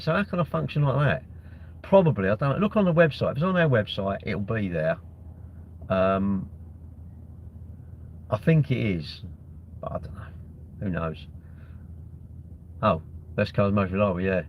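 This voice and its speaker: A man's voice: fairly low pitch, lively intonation, moderate pace, long pauses, lo-fi sound, slight background noise. A young man hosting a casual livestream, reading out comments and bantering with sarcastic, rambling jokes. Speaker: livestream host.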